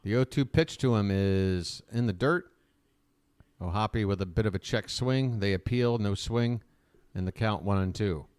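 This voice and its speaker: A man calling live baseball play-by-play as a fan commentator, chatty and opinionated between pitches. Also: unhurried, darkish tone, clear, resonant tone, dry recording.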